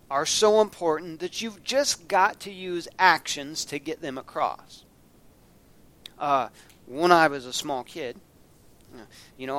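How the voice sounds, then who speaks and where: A man's voice: a little high, fairly bright tone. A man preaching a sermon, folksy and storytelling, acting out scenes with a raised voice.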